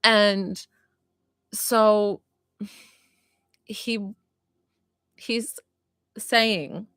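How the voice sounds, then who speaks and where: A woman medium streams a psychic reading straight to her viewers, her voice gushing and often close to tears. She talks casually, full of "like" and "um." Her mid-pitched voice sounds dry and close, with no room echo. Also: fairly even intonation, very slow, fairly bright tone, smooth. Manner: gushing, emotional, heavy use of "like" and "um".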